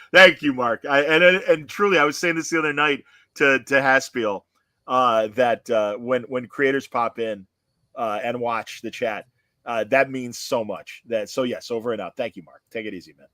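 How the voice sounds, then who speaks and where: A man's voice: mid-range voice, normal speed, sharp tone, no echo. A man hosting a podcast in casual chat, rambling and self-deprecating, often slipping into voices. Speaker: podcast host.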